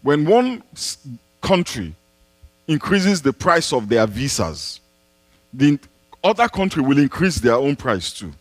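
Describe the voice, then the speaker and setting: Emphatic pastor, lively pitch. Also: male voice, a little slow, no echo. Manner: animated, emphatic preaching with repetition and rhetorical questions. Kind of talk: sermon-style Q&A answer. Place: church.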